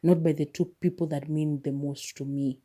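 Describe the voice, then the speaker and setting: A woman's voice: low-pitched, steady tone, moderate pace, mellow. A woman podcast host giving a casual, chatty movie review, retelling scenes with quoted lines and lots of filler words.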